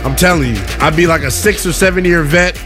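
A man's voice: fairly high pitch, a little fast, music in the background. A man hosting a sports talk radio show, joking and self-mocking as he takes calls and runs segments.

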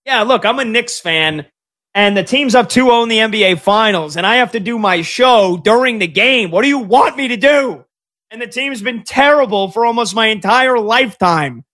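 A man in his thirties hosting a sports talk radio show, talking like an excitable, fast-talking fan. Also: high voice. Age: 30s.

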